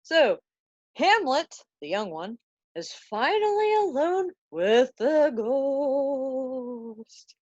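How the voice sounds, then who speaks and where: A woman's voice: high voice, no echo. A woman student retelling a play in a chatty, slangy way, on a dry, dull recording. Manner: slangy, chatty, laughs at own jokes. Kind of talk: casual story retelling.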